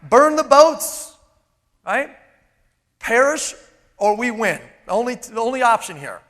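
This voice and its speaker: A man giving a live motivational keynote on stage, energetic and emphatic, throwing out rhetorical questions. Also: very high voice, measured pace. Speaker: motivational speaker. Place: large event hall on stage. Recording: long reverb of a large hall.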